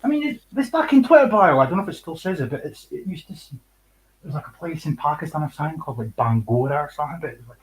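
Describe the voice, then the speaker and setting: A man's voice: a little high, big pitch swings, brisk, poor audio. Young Scottish man, livestream host; casual, cutting, sweary delivery with bursts of laughter. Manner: sweary, scornful, laughs between points. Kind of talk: casual chat.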